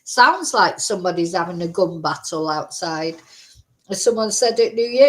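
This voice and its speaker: A woman's voice: fairly low pitch, lively intonation, normal speed, fairly bright tone. A woman hosting a true crime livestream, talking in a chatty, rambling way with lots of fillers. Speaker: true crime channel host. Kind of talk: casual livestream commentary.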